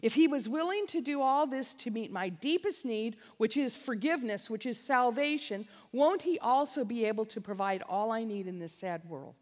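A woman's voice: on the high side, animated, moderate pace, few pauses. A woman preaching a sermon-style talk as a conference speaker, impassioned and emphatic, leaning on repetition. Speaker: conference speaker and biblical counselor. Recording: long reverb of a large hall.

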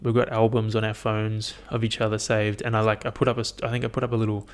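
A man's voice: fairly low pitch, little pitch movement, fast talker. A man hosting a casual solo podcast, rambling and swearing freely. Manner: rambling, heavy swearing, amused. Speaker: podcast host. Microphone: headphones and podcast mic.

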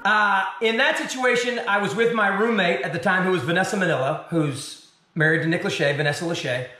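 Man, high bright voice, animated storyteller, interview guest, roomy echo. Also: fairly quick. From Arkansas. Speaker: television host, guest.

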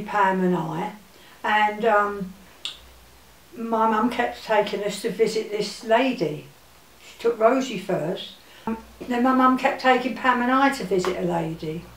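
An elderly woman from England talks through old memories in a soft, halting way, pausing often and trailing off. Her voice sits at an ordinary pitch and is picked up from a distance. The room is echoey and a faint hiss runs underneath. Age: older. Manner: halting and gentle, with many pauses and fillers. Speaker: interviewee recalling her childhood. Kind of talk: reminiscing interview.

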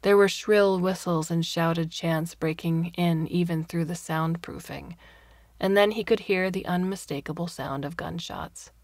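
A woman reading a story aloud in a soft, near-whispered style. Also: fairly low pitch, measured pace, no echo. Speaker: story reader. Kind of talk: scripted narration.

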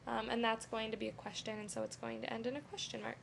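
Woman with a gravelly voice teaching. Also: fairly high pitch, fast talker, slight background noise. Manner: relaxed, with frequent "um" and "you know". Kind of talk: casual screen-recorded lesson.

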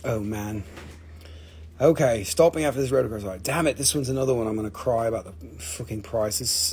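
A man hosting a live-stream crystal auction in casual chat, excitable and joking, swearing freely. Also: mid-range voice, slightly rough.

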